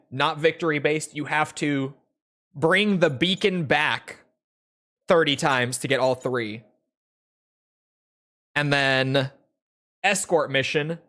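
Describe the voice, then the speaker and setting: A young man chatting casually to his live chat while playing a game, rambling with lots of "like" fillers and the odd swear word. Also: a little high. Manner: relaxed, rambling, frequent "like" fillers, occasional swearing. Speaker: gaming streamer.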